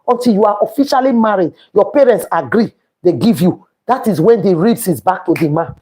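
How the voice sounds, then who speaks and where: A Nigerian-accented livestream host preaches emphatically, repeating herself and quoting scripture. She talks fairly quickly in an expressive, mid-range voice that is warm with a breathy edge.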